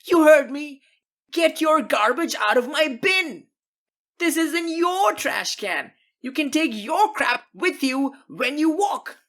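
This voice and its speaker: A woman voicing an angry middle-aged man who rants and yells at a passerby. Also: sits high, animated, takes it slowly, pitched above the performer's own voice, exaggerated voice. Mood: furious yelling. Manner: shouting, ranting. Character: furious middle-aged man yelling about his bin.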